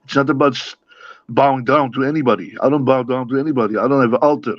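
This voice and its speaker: A man's voice: mid-range voice, fast talker, no echo. Defensive man on a muffled call. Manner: defensive, repeats himself, stammers on restarts. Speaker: panel guest. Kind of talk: heated casual debate. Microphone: online call.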